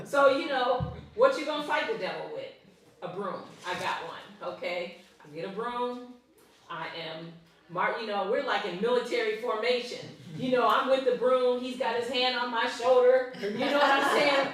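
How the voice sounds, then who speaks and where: A woman's voice: mid-range voice, moderate pace. A woman leading a live workshop, telling a story in a chatty way, laughing often and checking in with her audience. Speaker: workshop leader and ministry founder. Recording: echoey room, voice from far off.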